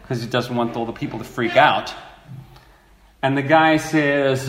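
A man preaching a sermon, reading scripture aloud and acting out the people in the story with lively repetition. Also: medium pitch, normal speed, echoey room. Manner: animated, acts out quoted speakers, repeats words.

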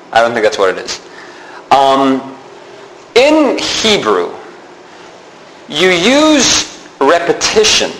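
Guy giving a sermon, kinda high voice, chatty, echoey room w faint hum. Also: a bit bright. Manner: conversational, explains with repeated examples. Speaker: pastor.

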